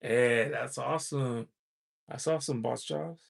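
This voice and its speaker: A creaky, mid-range voice at a measured pace comes from an American man hosting a casual livestream. He goes through viewer chat, rambling and dropping lots of "you know" asides, with frequent chuckles.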